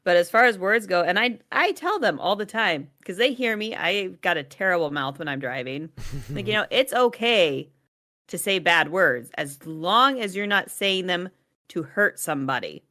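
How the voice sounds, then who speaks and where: Bright-voiced frank woman on a podcast. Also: lowish voice, animated, normal speed. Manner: frank, laughs often. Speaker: podcast co-host, mother. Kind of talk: casual chat.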